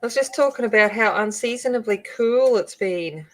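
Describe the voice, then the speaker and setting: A woman's voice: a little high, brisk, poor audio. A middle-aged Australian woman hosting a live coloring stream, chatting casually and greeting viewers by name as she rambles through asides. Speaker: coloring channel host.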